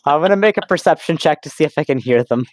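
Deadpan, slightly high-voiced male player. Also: fast talker. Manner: deadpan, self-mocking jokes. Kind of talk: casual tabletop game chat.

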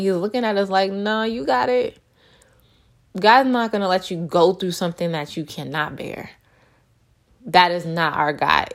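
A woman in her thirties giving an earnest, encouraging faith talk to her viewers, acting out little quotes as she goes. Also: lowish voice. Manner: earnest, animated, acts out quotes. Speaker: christian vlogger.

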